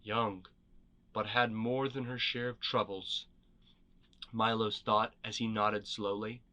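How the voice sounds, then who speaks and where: A man narrating fantasy lore as a storybook reading, measured and expressive. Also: on the low side.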